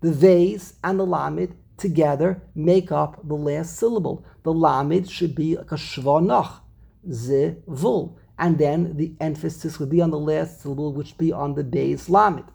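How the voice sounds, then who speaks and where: Gravelly, husky-voiced man teaching. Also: fairly high pitch, darkish tone. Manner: repeats and restarts phrases, slows down to stress words. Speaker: Torah teacher. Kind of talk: text study lesson explaining grammar.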